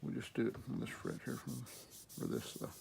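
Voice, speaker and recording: Gravelly Southern man explaining guitar care. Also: medium pitch, brisk, a little hiss or hum. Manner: relaxed, rambling, talks while working. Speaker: guitar repair instructor. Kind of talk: casual how-to demonstration.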